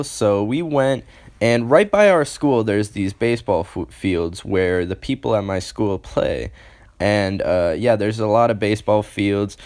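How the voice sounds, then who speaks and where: A man's voice: fairly low pitch, darkish tone. A young man in his late teens telling a story casually to camera, rambling and swearing freely. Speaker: storytime vlogger.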